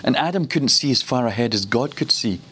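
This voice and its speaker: A man from Glasgow giving a teaching sermon at a ministry school, telling stories and slowing down to repeat words for emphasis. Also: mid-range voice, expressive, pushed and bright, slight background noise. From Glasgow, Scotland.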